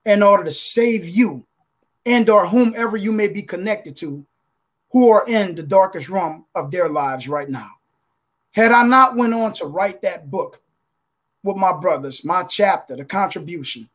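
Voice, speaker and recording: Speaking on a video call in a high-pitched voice, a contributing author delivers an emotional, sermon-like motivational testimony. He repeatedly calls out "guys" and "listen" and slows his delivery to stress points.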